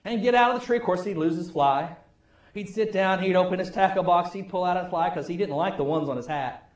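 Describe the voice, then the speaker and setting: A middle-aged pastor with a high voice delivers a sermon, shifting between hushed prayer and livelier storytelling. His wry tone carries through an echoey sanctuary, with the room ringing after each phrase. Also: fairly quick. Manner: storytelling, wry, varies loudness widely. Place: church sanctuary.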